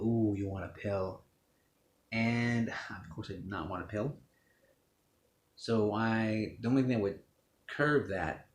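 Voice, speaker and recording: A man's voice: low voice, roomy sound, slight background noise. A man telling his own story of addiction in a blunt, profane, unpolished way, often restarting his sentences. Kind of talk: personal testimony speech.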